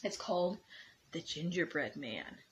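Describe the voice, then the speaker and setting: A woman's voice: low voice, sing-song, unhurried, a bit bright, a little hiss or hum. Woman reading storybooks to preschoolers. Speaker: preschool teacher. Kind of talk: reading storybooks aloud to children. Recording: dull lo-fi recording.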